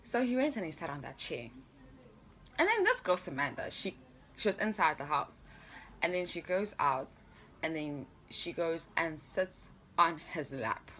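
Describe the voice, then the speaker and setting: A woman's voice: sits low, big pitch swings, measured pace, fairly bright tone, a little hiss or hum. A young adult woman telling a story in a casual vlog, chatty and laughing often, with plenty of fillers. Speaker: vlogger.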